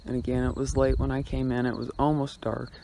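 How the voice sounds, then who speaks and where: A man talks casually to his phone at a forest campsite, rambling along and restarting his sentences. His voice has a gravelly, creaky edge at a middling pitch. Wind buffets the mic and crickets chirp behind him. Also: flat delivery, brisk. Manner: rambling, chatty, trails off and restarts. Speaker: vlogger on a road trip. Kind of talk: casual chat to camera. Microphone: handheld phone.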